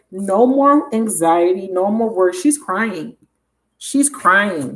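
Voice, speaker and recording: Woman tarot reader, casual to camera, excitable and foul-mouthed, speaking in a mid-range voice. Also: medium pitch. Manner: excitable, emphatic, swears freely, addresses viewers directly.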